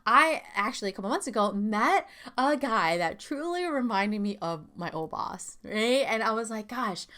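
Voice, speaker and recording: A woman's voice: fairly high pitch, lively intonation, moderate pace, hardly any pauses, sharp tone. A woman hosting a self-help podcast, talking candidly and casually with lots of fillers and asides. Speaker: podcast host.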